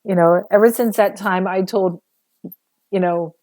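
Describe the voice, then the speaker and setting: A woman speaks in a casual livestream talk about spiritual channeling, chatty and earnest, with plenty of ums and little acted-out quotes. Her voice sounds mellow and relaxed, at a middle pitch. The recording is dry and close, with no room sound. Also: measured pace, no echo. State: a little sore after a busy day.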